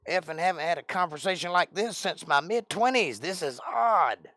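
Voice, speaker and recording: A man's voice: high voice, animated, normal speed, pushed and bright, no echo. Wry Southern man chatting with his viewers. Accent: Southern US, Georgia. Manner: joking, wry, bantering with chat. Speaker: livestream host and Bible teacher. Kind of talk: casual livestream chat reading comments.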